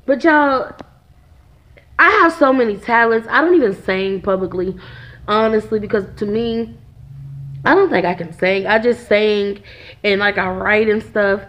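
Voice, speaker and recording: A woman's voice: medium pitch, unhurried, long pauses, fairly bright tone. A woman in her twenties chatting casually to her viewers in a vlog, calling them "y'all" again and again. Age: 20s. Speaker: vlogger, single mother. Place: at home.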